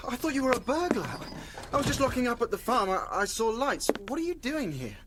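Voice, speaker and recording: An actor playing Stephen, a worried, gentle man. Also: very high voice, sing-song, fairly quick, heavy background noise. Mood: concerned. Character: concerned young man, Stephen. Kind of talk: audio drama acting.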